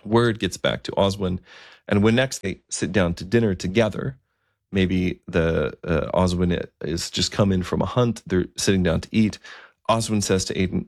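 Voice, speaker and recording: A man tells a historical story in a relaxed, conversational manner, with easy asides. His voice is very low, with a gravelly fry. The recording is close and dry. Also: moderate pace, no room sound.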